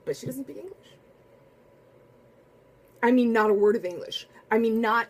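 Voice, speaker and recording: A woman telling a casual spoken anecdote in a chatty, animated way, full of asides and restarts. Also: on the high side, moderate pace, pauses often. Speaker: storyteller.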